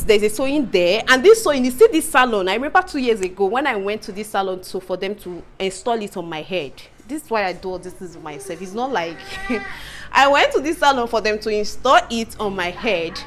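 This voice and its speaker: A young woman chatting to camera in a casual home vlog, animated and exasperated, repeating herself and laughing often. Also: mid-range voice, a little hiss or hum. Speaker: vlogger.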